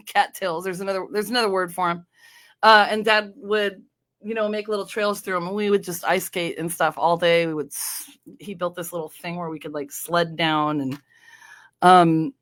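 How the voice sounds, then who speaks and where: A woman's voice: mid-range voice, fairly bright tone. A woman from North Dakota hosting her own podcast, talking casually in a meandering way, with many fillers and restarts. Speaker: podcast host. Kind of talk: casual solo podcast chat.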